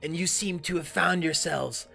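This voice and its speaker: A man voicing a small, hostile male kobold warrior who yells in a high, shrill voice. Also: normal speed, vocal fry, soft background music. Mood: threatening. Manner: shrill yelling.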